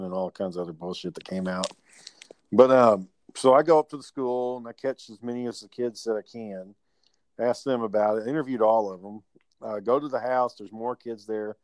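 A man telling work stories in casual chat, animated and profane, acting out the people he quotes. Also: on the low side, no echo.

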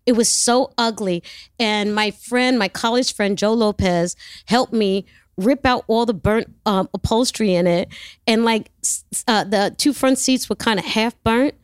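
A woman from New York, a guest telling a long, animated story in an interview and acting out the voices in it, swearing freely. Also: a little high, measured pace, clear, resonant tone, no echo, studio quality. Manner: lively, acts out voices in her anecdotes, swears freely.

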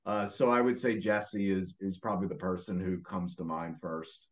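A man speaking as a podcast guest, earnest and a bit halting as he chats. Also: deep voice, flat delivery. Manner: earnest, hesitant with repeated starts. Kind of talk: conversational interview.

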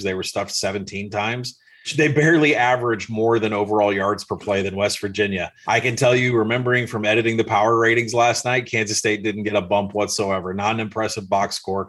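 A man's voice: lowish voice, a bit bright. A man co-hosting a sports betting podcast, bluntly running through stats in casual chat. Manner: dry, stat-heavy, blunt. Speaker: podcast co-host.

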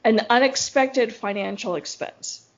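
Chatty woman with a higher voice. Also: measured pace. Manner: chatty and rambling, laughs often. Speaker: podcast co-host. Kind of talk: casual chat. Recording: dull lo-fi recording.

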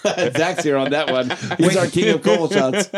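A man's voice: on the high side, normal speed. A man co-hosting a podcast, amused and laughing easily in casual banter. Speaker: podcast co-host.

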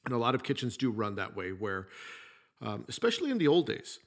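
A man's voice: mid-range voice, wildly swooping pitch, fairly quick. Middle-aged man telling kitchen stories. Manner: storytelling, conversational, plainspoken with mild swearing. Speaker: podcast host, former chef. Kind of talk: casual solo podcast monologue.

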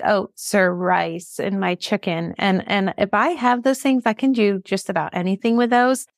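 A woman's voice: mid-range voice, no room sound, studio quality. A woman, a mother of a large family, chatting casually as a guest and going through lists of options. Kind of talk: casual chat.

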